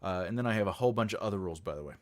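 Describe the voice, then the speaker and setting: A man's voice: low voice, lively intonation, racing, a little mellow. A man from New York with a New York accent, hosting a casual livestream chat as an author and rambling through self-deprecating asides. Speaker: host, author.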